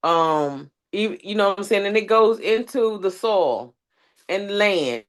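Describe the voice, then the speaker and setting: A woman speaks at an organizers' panel with an earnest, impassioned delivery. She is a substitute teacher who piles up long lists and leans on fillers. Her pitch sits in a middle range. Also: animated, takes it slowly.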